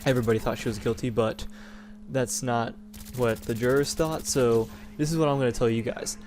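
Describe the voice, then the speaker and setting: A man's voice: medium pitch, steady tone, fairly quick, a little mellow. A young man hosting a gaming channel, talking in a rambling, indignant rant with many restarts. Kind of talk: casual opinion rant over gameplay.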